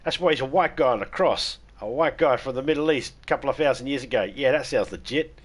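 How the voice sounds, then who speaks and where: A fast-talking Australian man with a mid-range voice banters through a game stream, irreverent, jokey, and swearing liberally.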